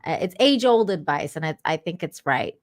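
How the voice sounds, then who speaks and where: A woman's voice: deep voice, big pitch swings, moderate pace, no echo, studio quality. A woman from Canada, a guest on a talk stream, chatting casually and rambling with many restarts. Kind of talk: casual chat.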